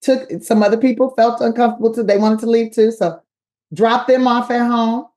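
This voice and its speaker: A woman telling a story with animated, slangy energy as a comedian guest. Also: a little high, normal speed.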